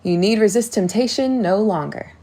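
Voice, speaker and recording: A woman's voice: mid-range voice, normal speed, dark tone, close to an everyday voice. A woman reading an audiobook, voicing a cheerful, playful young prince.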